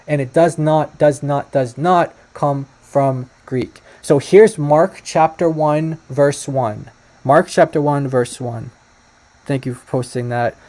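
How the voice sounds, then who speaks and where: Mellow-voiced man giving a tentative explainer. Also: mid-range voice, slight background noise. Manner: tentative, self-correcting, apologetic. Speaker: presenter. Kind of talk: casual screen-share explainer.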